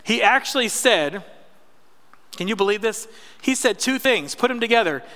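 A pastor preaching a conversational sermon and drawing responses from the congregation. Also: male voice, high voice, lively intonation, moderate pace, sharp tone. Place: church sanctuary. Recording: long church reverb.

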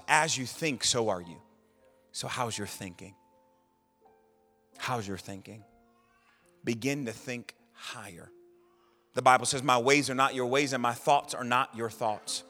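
A man preaching a sermon as pastor, swinging between hushed low lines and loud shouted bursts. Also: a little slow, long pauses. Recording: hall reverb, faint music behind.

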